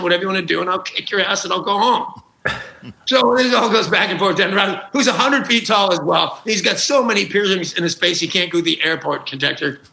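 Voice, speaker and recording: A man's voice: high voice, gravelly, sharp tone, reverberant, poor audio. A man, a talk show guest, telling comic anecdotes with gusto, acting out quotes and laughing at his own jokes. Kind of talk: animated comic storytelling.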